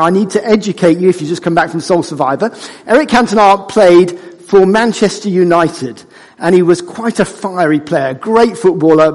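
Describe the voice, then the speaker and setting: A man preaching a sermon, conversational and animated, joking with the congregation. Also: high-pitched. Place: church hall. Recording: church hall with long reverb.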